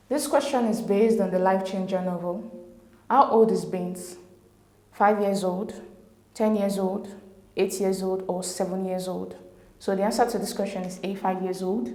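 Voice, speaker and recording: A woman, working through exam questions as a tutor in a steady, methodical way. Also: medium pitch. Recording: echoey room.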